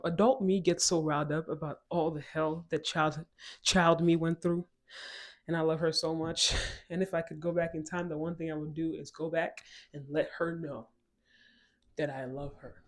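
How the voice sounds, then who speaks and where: Animated young woman telling a story. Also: deep voice. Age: 20s. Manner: animated, laughing often, chatty asides to viewers. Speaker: storytime vlogger. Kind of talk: casual storytelling to camera.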